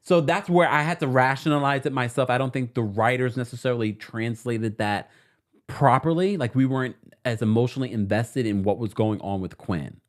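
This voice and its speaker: With a medium-pitched voice and a slightly fast delivery, a man from New York City runs a casual stream recapping reality TV. Lively and talkative, he laughs frequently while reading comments from viewers.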